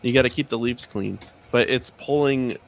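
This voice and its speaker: A man's voice: mid-range voice, moderate pace, creaky, a little hiss or hum. Man, casual livestream talk, easygoing, explanatory. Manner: easygoing, explanatory, laughs often.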